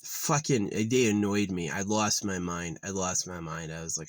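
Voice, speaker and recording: Deep-voiced man in a profane rant. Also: normal speed, no echo. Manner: profane, rambling, gets loud and heated when ranting. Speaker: vlogger. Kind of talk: casual rambling rant.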